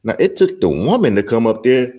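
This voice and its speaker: A man's voice: mid-range voice, sing-song, a little fast, dark tone, dull audio. A middle-aged man ranting as a panel guest, blunt and profane. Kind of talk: ranting commentary.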